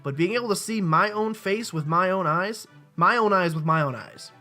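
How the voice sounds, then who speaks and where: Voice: medium pitch, moderate pace, sharp tone, soft background music. Chatty rambling let's-play host. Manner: rambling, self-mocking, chatty asides. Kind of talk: casual game commentary. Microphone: desk mic with webcam.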